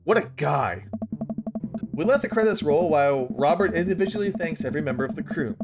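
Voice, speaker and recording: A man reads a dating-sim game aloud with animated, comic delivery. His voice sits fairly high with big, lively swings in pitch. Clear background music plays under everything. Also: quick pace. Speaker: let's play host. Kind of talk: reading a visual novel aloud.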